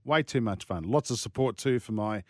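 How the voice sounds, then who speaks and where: A man's voice: lowish voice, normal speed, dry recording, clean studio sound. A man co-hosting a radio sports show, chatting casually, teasing his co-host and reading live ad plugs. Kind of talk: casual studio banter. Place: radio studio. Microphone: studio microphone.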